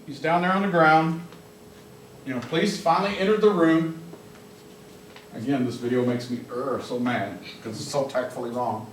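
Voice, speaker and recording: A man giving a live police training talk to an office audience, blunt and joking, shouting commands when he acts them out. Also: mid-range voice, fairly even intonation, normal speed, pauses often, slight background noise. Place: office meeting room with audience. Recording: echoey room, mic from a distance.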